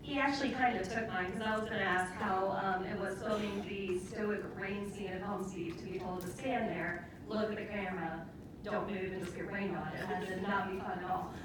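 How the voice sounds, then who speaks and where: A woman in the audience asking a hesitant question at a panel. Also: mid-range voice. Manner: hesitant, filler-heavy. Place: convention panel hall. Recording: echoey hall from far off, audible noise.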